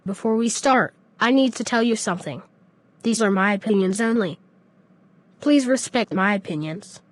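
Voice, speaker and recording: A synthetic female voice reading a video script in a flat, even way. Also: mid-range voice, moderate pace, no room sound. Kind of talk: text-to-speech narration.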